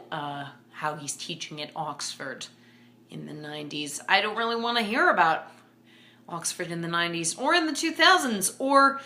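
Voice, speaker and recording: A young woman talking casually about a book and its film adaptation, chatty and animated with playful asides. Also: fairly low pitch. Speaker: book vlogger. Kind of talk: casual chat.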